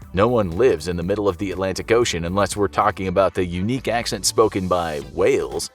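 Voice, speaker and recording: A man giving scripted explainer narration in a conversational way, often asking rhetorical questions. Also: on the low side. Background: soft background music.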